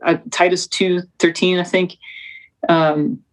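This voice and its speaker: A young woman, a documentary producer, talking as a guest in an interview, with fast, animated, preacherly storytelling. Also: fairly low pitch, poor audio. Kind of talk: conversational interview.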